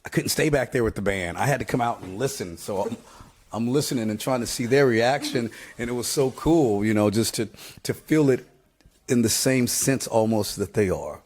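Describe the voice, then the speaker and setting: A man in his fifties, a band singer, chatting casually in an interview, relaxed, halting with fillers and often laughing. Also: mid-range voice. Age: 50s.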